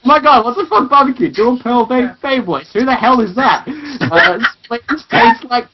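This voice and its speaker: A man's voice: extremely high pitch, animated, moderate pace. A man with an Australian accent chatting on a podcast call, goofy and joking, blurting out random phrases. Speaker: podcast guest. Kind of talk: casual call chat. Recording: muffled online call with hiss.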